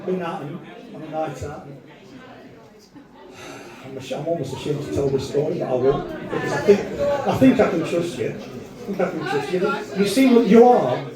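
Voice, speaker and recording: A man's voice: a little high, normal speed, pauses often, a crowd in the background. A man with a Northern English accent doing stand-up, bantering brashly with the audience and swearing a lot. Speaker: stand-up comedian. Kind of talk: live stand-up set with crowd work. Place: comedy venue with a live audience. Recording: echoey live room, distant mic, audience laughter.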